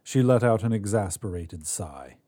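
A man hosting a fiction podcast, reading a short story in a measured way that drops quiet on sad moments. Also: lowish voice, expressive. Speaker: podcast host and narrator. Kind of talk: scripted story narration.

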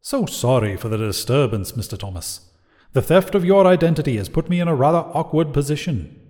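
A man's voice: mid-range voice, animated, unhurried, darkish tone, in a large hall, close to an everyday voice. A man voicing Satan as a suave, menacing adult male, with a melodious, polished and mocking delivery. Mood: pleasant.

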